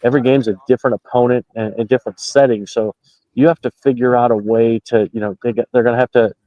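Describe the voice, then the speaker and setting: This fast-talking basketball reporter has a mellow, mid-range voice with fairly even intonation. Phoning in after the game from just outside the locker room, he rambles through postgame analysis with fillers and restarts; the dull lo-fi call has no room sound.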